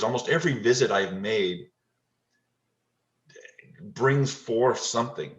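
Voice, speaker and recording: A middle-aged man with a lowish voice tells a heartfelt story in a halting way, often repeating words as he goes, tender and moved throughout. The sound is dull and lo-fi, with a roomy echo around him, as if he is on a video call. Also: fairly bright tone. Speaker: touch therapy practitioner and teacher. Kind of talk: emotional storytelling interview.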